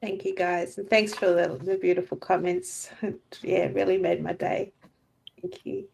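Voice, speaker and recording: A woman's voice: on the low side, normal speed, gravelly, a little mellow. A woman speaking as a guest on a casual livestream, heartfelt and thankful, close to tears. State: emotional, near tears.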